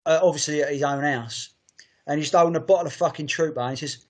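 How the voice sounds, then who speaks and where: A man's voice: fairly high pitch, quick pace. A man co-hosting a podcast, chatting in a sweary, enthusiastic, rambling way. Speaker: podcast co-host. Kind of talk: casual chat.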